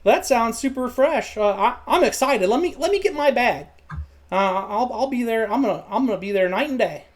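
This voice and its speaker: A woman's voice: mid-range voice, animated, normal speed, lightly acted. A woman voicing an eager young male baker's apprentice who stumbles over his words and repeats himself. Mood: nervous. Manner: stammering, repeats words, earnest.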